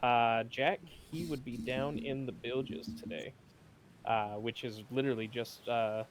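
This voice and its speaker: A man narrating as game master of a tabletop game, relaxed and easy to laugh. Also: mid-range voice, a little slow, a little hiss or hum. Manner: relaxed, laughs easily, calls for dice checks.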